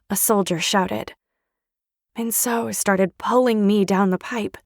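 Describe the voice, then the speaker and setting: Slow gravelly woman narrating dramatically. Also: mid-range voice, no room sound, clean studio sound. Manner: dramatic, emotional first-person reading. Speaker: audiobook narrator. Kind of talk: scripted narration.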